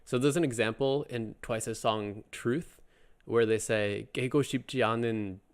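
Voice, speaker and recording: A man's voice: mid-range voice, steady tone, a little fast. A man giving a casual, chatty language lesson, joking and circling back with lots of fillers and restarts. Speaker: Korean language teacher.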